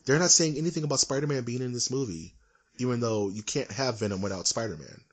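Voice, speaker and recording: A young man with a husky voice rants in casual podcast chat, animated and quick to laugh. His pitch sits in an ordinary middle range. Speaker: podcast co-host.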